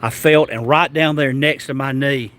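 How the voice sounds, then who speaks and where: A man's voice: mid-range voice, normal speed, background noise. Rambling Southern man telling a story. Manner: animated, rambling, stammering restarts. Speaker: travel vlogger. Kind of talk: casual storytelling.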